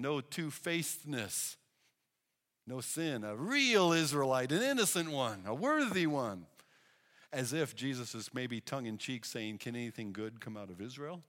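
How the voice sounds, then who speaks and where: Guy preaching in a church, bit high voiced, acts out the stories, big hall echo. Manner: animated storytelling, acting out quoted voices. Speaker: pastor. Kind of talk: sermon. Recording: long hall reverb.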